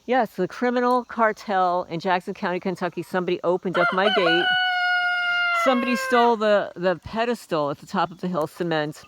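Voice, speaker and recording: A woman on the low side talks a little fast in a casual vlog, walking around her small homestead near the chicken coop. Roosters and hens make heavy background noise while she rambles, aggrieved, with wry asides.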